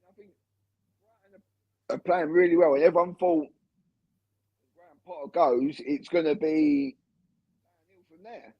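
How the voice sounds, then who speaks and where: A man co-hosting a casual football podcast over a video call, talking in a relaxed, rambling way. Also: fairly high pitch, a little slow, long pauses, slightly rough, dry recording. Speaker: podcast co-host. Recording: dull, dry lo-fi call audio.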